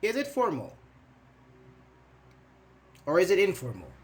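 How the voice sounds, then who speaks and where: A man with a somewhat high-pitched voice leads a live online grammar class. He talks in a loose, chatty way, reads student comments aloud and answers them with quick praise. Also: wildly swooping pitch. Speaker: English teacher.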